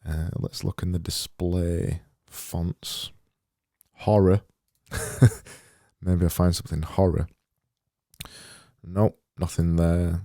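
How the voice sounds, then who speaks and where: A man's voice: sits low, level tone, slow pace, long pauses, dark tone, no echo, clean studio sound. A man thinking aloud as he livestreams design work, rambling and muttering to himself with a self-mocking edge.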